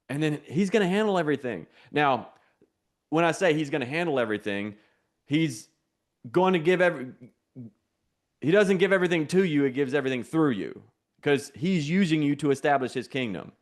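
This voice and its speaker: High-voiced energetic male preacher. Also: fairly quick. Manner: call-and-response, repetitive. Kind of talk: sermon.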